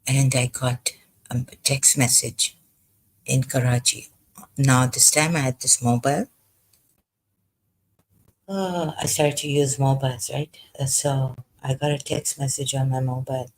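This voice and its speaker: Halting, husky-voiced speaker. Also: medium pitch, steady tone, rough recording. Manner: halting, hesitant, many pauses and false starts. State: frightened, unsettled. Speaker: vlogger. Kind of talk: personal confessional monologue.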